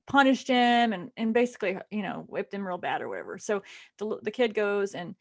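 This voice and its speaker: A woman co-hosting a podcast, casually and excitedly retelling a book she loved, with lots of fillers. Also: medium pitch, brisk. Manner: animated and gushing, lots of fillers. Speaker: podcast co-host.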